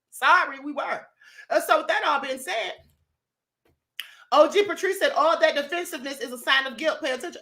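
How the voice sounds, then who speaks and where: A livestream host from Kentucky goes through viewer comments in a sassy, emphatic, casual way, leaning on words like "honey" and "beloved." Her voice is high and sharp in tone, brisk, with frequent pauses.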